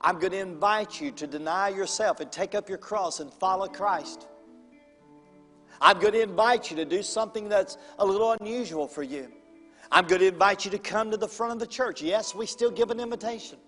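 High-voiced preacher in a ringing hall. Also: male voice, a little fast, fairly bright tone. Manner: fervent, repetitive exhortation. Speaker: pastor. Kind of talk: evangelistic sermon altar call. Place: large church auditorium. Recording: long reverb of a large hall with faint music.

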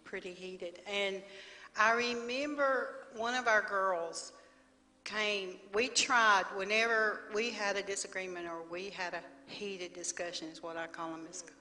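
A woman shares a story gently and earnestly from a church stage. Her voice is bright and sharp, and long reverb trails after it. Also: medium pitch, fairly even intonation, measured pace. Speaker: pastor's wife. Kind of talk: sermon conversation.

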